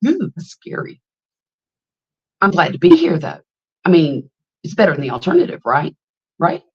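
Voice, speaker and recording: A woman in her late fifties hosts a relaxed livestream chat, telling long stories and calling out viewers by name. Her voice sits a little low for a woman. The stream audio is slightly muffled and lo-fi. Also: fairly quick. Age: 50s. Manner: chatty and storytelling, greets viewers by name, laughs often. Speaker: livestream host.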